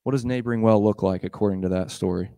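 Here a man on the low side of the pitch range preaches quickly and informally. As a pastor retelling a gospel story, he animatedly voices the characters' dialogue, with fillers and laughs throughout.

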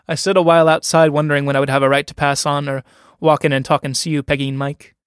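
A man's voice: a little high, flat delivery, fast, fairly bright tone, smooth, no room sound, studio quality, close to an everyday voice. A man reading a play aloud, voicing a timid, awkward young man who speaks uneasily and is easily shocked.

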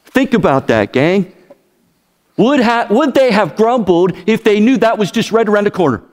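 Pastor guy preaching, voice swings up and down a lot, bit higher pitched, long church echo. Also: animated, moderate pace, a little mellow. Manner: asks the congregation many questions. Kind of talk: sermon.

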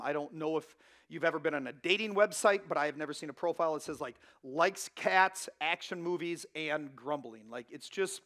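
A man's voice: medium pitch, a bit bright. A man in his thirties preaching a sermon as pastor, in a conversational way with frequent asides to the room. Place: church.

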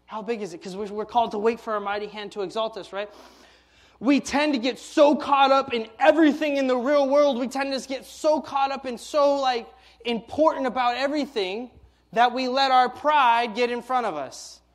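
A young man preaching a sermon as youth pastor, animated and tripping over his words when excited. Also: very high voice, moderate pace.

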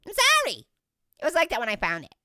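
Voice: wildly swooping pitch, fast, bright, forceful tone, dry recording, clean studio sound, heavily acted. A performer voicing a hyperactive, wisecracking cartoon orange, joking and punning through game commentary. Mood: silly. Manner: goofy, punning, giggly, high-energy. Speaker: gaming let's-play host. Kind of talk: let's play game commentary.

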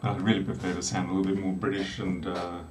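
This Australian-accented programmer, middle-aged and from South Australia, live codes while chatting loosely and cracking jokes. His low voice stays level and quick, over background noise, recorded from a distance in an echoey small room that has a door.

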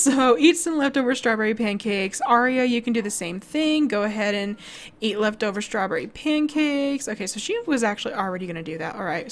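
A young woman chatting bubbly through a life-sim game as a let's play host, laughing and exclaiming often. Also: a little high. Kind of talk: casual gameplay commentary.

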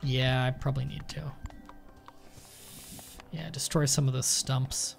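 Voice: medium pitch, little pitch movement, measured pace, vocal fry, soft background music. A streamer chatting casually while playing a game, thanking viewers and swearing freely. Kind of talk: casual live-stream chat.

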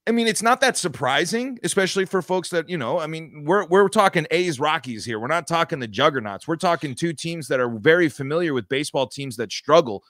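A man co-hosts a sports podcast, ranting with emphatic frustration and stumbling over restarts. His voice sits a little high. The recording is close and dry. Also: expressive, fairly quick, hardly any pauses, fairly bright tone, no echo. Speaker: podcast host.

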